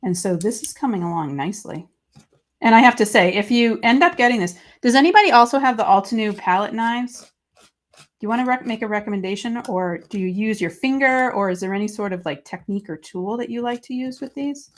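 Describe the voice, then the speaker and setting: A woman with a brisk, somewhat high voice hosts a live papercrafting stream. Excitable and chatty, she works while reading viewers' comments aloud and talking with them casually.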